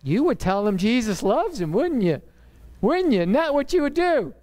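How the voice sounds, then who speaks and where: A man's voice: very high-pitched, very animated, normal speed, a little mellow, pitched above the performer's own voice. A man voicing a young girl who earnestly pleads and presses her point. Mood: pleading.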